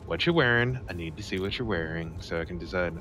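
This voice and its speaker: A man's voice: deep voice, fast talker, fairly bright tone. A man joking playfully in a casual gaming voice chat. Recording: noisy game voice chat.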